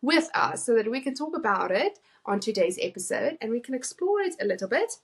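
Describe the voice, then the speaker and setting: A woman's voice: fairly high pitch, very animated, brisk, slightly rough. A woman, an Afrikaans speaker, co-hosting a casual chat and laughing easily. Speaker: podcast co-host.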